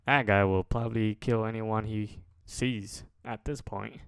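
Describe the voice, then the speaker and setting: A man casually commenting as host of a reaction video, rambling and pausing to remark on what he watches. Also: on the low side, gravelly, background noise. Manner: relaxed, rambling, pauses to comment.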